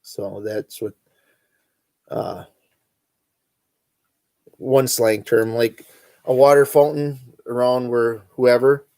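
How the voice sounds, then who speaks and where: A middle-aged man with an Upper Midwest accent, hosting a relaxed, rambling chat and chuckling as he goes. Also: medium pitch, slow, pauses often, no room sound. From northern Wisconsin. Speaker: host. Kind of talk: casual chat reading live comments.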